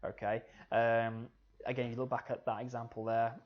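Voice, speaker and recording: A man's voice: mid-range voice, moderate pace. A man teaching a media studies lesson over slides, talking straight to his students and saying "okay" again and again. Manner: relaxed, says "okay" often, talks to students directly. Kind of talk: recorded slide lecture. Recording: slightly dull lo-fi audio.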